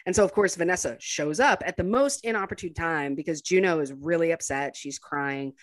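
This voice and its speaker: A woman's voice: low-pitched, brisk, no room sound. A woman co-hosting a casual film podcast, retelling scenes animatedly and laughing often. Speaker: podcast co-host.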